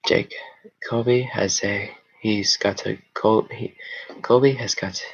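A young man putting on a hushed golf announcer voice, low and halting, on a dull lo-fi recording. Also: steady tone, vocal fry, breathy edge, exaggerated voice.

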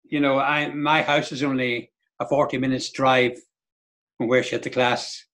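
An older man from Donegal chatting as an interview guest. He talks at a middle pitch and winds through long anecdotes. He often slips into quoting other people mid-story. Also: level tone, moderate pace, a bit bright. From Donegal, Ireland. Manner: rambling storyteller who acts out others' lines. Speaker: guest, Irish dance teacher. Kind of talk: casual interview chat.

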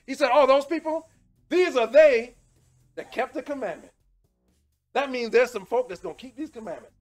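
A man preaching a sermon with fervent, repetitive calls to repent, swinging from shouting to hushed pleading. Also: very high-pitched.

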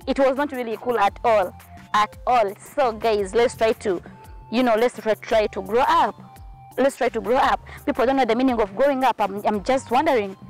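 A woman's voice: a little high, poor audio. A woman vlogger talking straight to her viewers in an outspoken, scolding way. She is sweating in the heat as she talks. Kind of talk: casual vlog rant.

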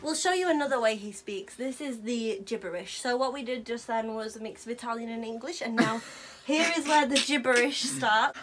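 A woman's voice: fairly high pitch, moderate pace, hardly any pauses, background noise. Playful young woman talking to her dog. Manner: playful baby talk to a dog, frequent laughter. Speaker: vlogger showing her dog. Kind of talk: casual chat with her pet.

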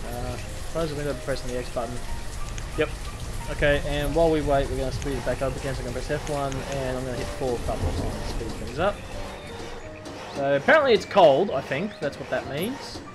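A man's voice: medium pitch, fast talker. An Australian man rambling through a game tutorial in casual commentary, reading the on-screen text aloud and swearing now and then. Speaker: gameplay commentator. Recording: music playing under the voice.

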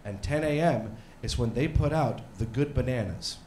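A man in his thirties performs stand-up on a handheld mic, talking in loose, rambling runs that tip over into mock yelling. His voice sits at an ordinary middle pitch. The club sounds roomy, with a faint hum of ambience behind him. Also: normal speed. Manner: rambling, self-deprecating, bursts into mock yelling. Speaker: stand-up comedian. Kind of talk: stand-up comedy set. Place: comedy club stage.

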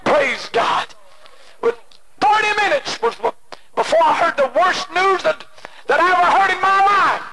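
A male preacher delivering an impassioned sermon, moving between shouted pleading and hushed personal storytelling. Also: extremely high pitch, a little slow, vocal fry. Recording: noisy old cassette tape.

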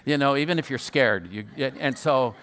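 A man's voice: medium pitch, moderate pace, fairly bright tone. An older man preaching a storytelling sermon, who stutters now and then and repeats his words. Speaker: guest preacher.

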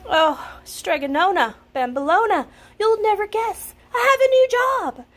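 A woman voicing a cheerful, slightly clumsy young man who speaks excitedly. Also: high-pitched, a little slow, pitched above the performer's own voice, full character voice. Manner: excited, bursting with news.

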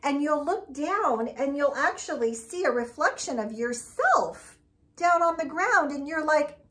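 A woman teaching a circle time lesson to young children, talking in a slow, exaggerated, sing-song way. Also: high voice, expressive, a bit bright. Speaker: preschool teacher.

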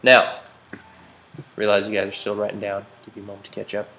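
A man's voice: fairly low pitch, completely flat delivery, brisk, pushed and bright, a little hiss or hum. A man teaching a math class, joking and quizzing his students as he works problems. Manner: playful, jokey, asks the class questions. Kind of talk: classroom lecture.

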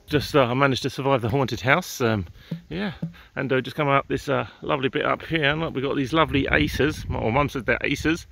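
An English man with a gravelly, creaky voice at an ordinary middle pitch chats loosely while out walking in gardens. He rambles and drops the odd swear word, and faint outdoor hum sits behind him. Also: a little fast, few pauses, a bit bright. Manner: chatty, rambling, swears casually. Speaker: vlogger. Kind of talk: casual walking-tour vlog. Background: faint outdoor ambience with distant garden machinery.

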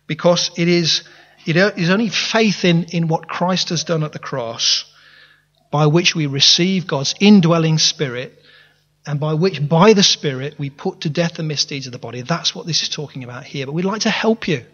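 A man's voice: a little high, moderate pace, a bit bright. A man preaching a sermon in a church, earnest, often restarting his words and asking the congregation questions. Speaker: pastor. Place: church hall. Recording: reverberant hall, dull lo-fi sound.

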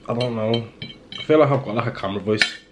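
A man's voice: medium pitch, fast talker. Young guy rambling to camera, noisy. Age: young adult. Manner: rambling, self-mocking, lots of fillers and restarts. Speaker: vlogger. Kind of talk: casual rambling vlog chat. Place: at home indoors.

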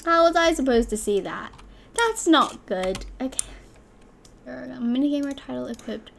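A young woman hosting a gaming channel, giving excitable live commentary with loud exclamations as she plays. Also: sits high, a little slow, gravelly, a little hiss or hum.

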